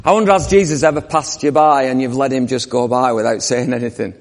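A man's voice: mid-range voice, steady tone, fast talker. A man preaching a sermon, telling the story vividly and asking the congregation questions. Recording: long reverb of a church hall.

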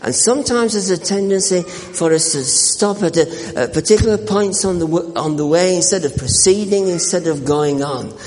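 A man preaching a sermon as a pastor, earnest, with repeated words and restarts, slowing down to read scripture. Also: high-pitched, a little mellow, big-room sound.

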